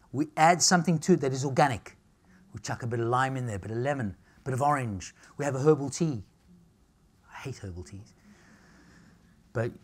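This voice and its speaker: A middle-aged man, giving a cheeky, joking lecture on nutrition to a live audience. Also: on the high side. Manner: cheeky, jokey, animated storytelling.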